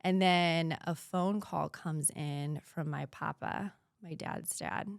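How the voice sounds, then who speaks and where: A woman in her thirties from the United States, a podcast guest telling a painful personal story in an earnest voice that sometimes drops to a hushed whisper. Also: sits low, steady tone, takes it slowly, vocal fry, no room sound, clean studio sound.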